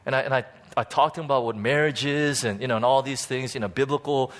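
A man preaching in a relaxed storytelling way, full of fillers and restarts. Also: medium pitch. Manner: conversational, halting, many fillers and restarts. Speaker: pastor. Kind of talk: sermon storytelling.

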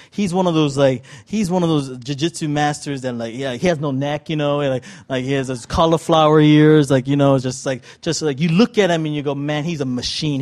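A man's voice: on the high side, darkish tone. A middle-aged man preaching a sermon in a casual, self-deprecating storytelling way, with lots of fillers. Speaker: pastor.

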